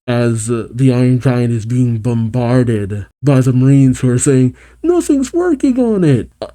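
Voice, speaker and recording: A man reads a comic chapter aloud in a casual, chatty way, breaking off to comment and laugh. His voice sounds very dark and mellow. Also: medium pitch. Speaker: manga reaction host.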